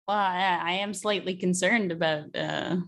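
A woman's voice: fairly low pitch, a little slow, fairly bright tone. Giggly woman podcast co-host. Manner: giggly, playful banter. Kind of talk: casual chat.

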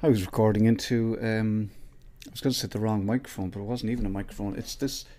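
An Irish podcast host chats alone, casually rambling and mocking himself, with many restarts. His lowish, warm voice is steady and fast, with no echo.

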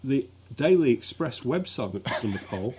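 A man's voice: medium pitch, very animated, unhurried, a little mellow, slightly rough. A man co-hosting a casual comedic podcast, reading out poll figures with dry, wry humour. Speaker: podcast co-host.

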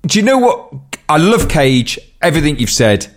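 Animated man, wry film banter. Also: a little high, normal speed. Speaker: podcast co-host. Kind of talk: casual film review chat.

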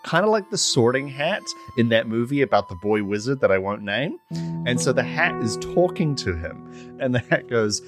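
A man's voice: on the low side, expressive, fairly quick. A man, a tabletop game player, describing his character in a rambling casual way. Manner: rambling, many fillers and restarts. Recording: music playing underneath.

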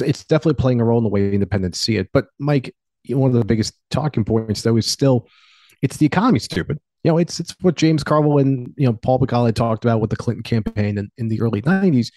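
A man's voice: mid-range voice, dry recording. A man giving opinionated political commentary as a talk show guest, arguing his points with energy. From Pennsylvania. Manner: opinionated, animated argument.

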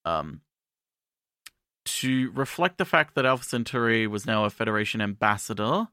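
A man's voice: fairly low pitch, expressive, normal speed, sharp tone, clear, resonant tone, dry recording, studio quality. A man co-hosting a casual podcast, talking in a hesitant, wry way with lots of ums and uhs. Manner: hesitant, filler-heavy, wry. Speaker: podcast co-host.

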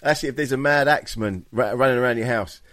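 A man's voice: mid-range voice, fast, a bit bright, no echo, clean studio sound. A man co-hosting a podcast, easygoing and agreeable, telling anecdotes in casual chat. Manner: easygoing, agreeable, laughs along. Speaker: podcast co-host.

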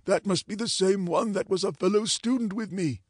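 A man voicing a hoarse, frightened old male councillor in a storybook reading, mournful and trembling. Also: sits high, moderate pace, a little mellow, dry recording, studio quality. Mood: genial.

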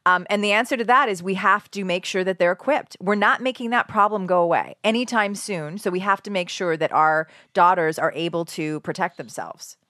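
A woman co-hosting a casual parenting podcast, speaking in a measured, thoughtful way. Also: fairly low pitch, a bit bright, dry recording, studio quality. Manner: measured, thoughtful, laughs easily. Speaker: podcast co-host.

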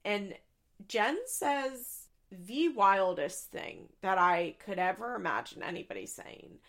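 A young adult woman hosting a podcast, recapping in a chatty, profane, casual way with quick asides into a studio mic. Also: medium pitch, lively intonation, fairly bright tone. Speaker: podcast host.

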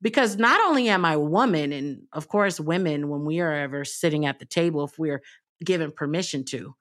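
A woman's voice: sits low, a little fast. Emphatic woman radio personality, guest. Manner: emphatic, conversational storyteller. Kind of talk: casual chat.

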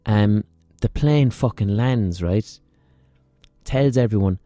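An Irish man telling a profane, ranting comic story on his podcast, with animated asides. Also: on the low side, takes it slowly, no room sound. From Ireland. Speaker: comedian and podcast host.

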